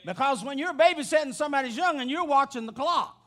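A man preaching a sermon with passion, rising to shouting, his voice breaking into a cry at the peaks. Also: extremely high pitch, lively intonation, fast talker. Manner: impassioned preaching that rises to shouting.

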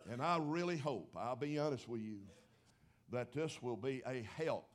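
A preacher man delivering a sermon in a casual, homespun way. His voice sits at an ordinary middle pitch, and he pushes up in pitch and loudness to stress his points. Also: expressive, moderate pace. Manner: folksy preaching, building to emphatic rises. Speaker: pastor.

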